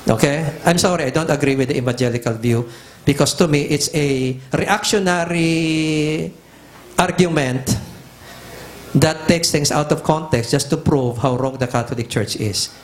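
A middle-aged man with a Filipino accent delivers a teaching sermon in an emphatic, driving manner, repeating his points for effect. His voice sits a little high for a man, and he slides between languages as he presses each argument home. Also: normal speed. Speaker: pastor.

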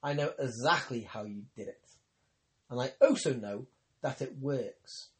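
A man's voice: mid-range voice, measured pace, pitched below the performer's own voice, natural voice. A man reading as a wry, skeptical man. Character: curious, skeptical grown man. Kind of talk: audiobook reading.

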